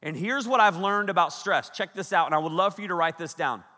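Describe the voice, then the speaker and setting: A youth pastor in his thirties preaching to a large crowd, his voice bright and fairly high for a man. He tells stories with animated energy, shouting out the lines he quotes. The hall gives his words a long, echoing reverb. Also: a little fast. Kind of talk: youth sermon. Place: large hall with a big audience.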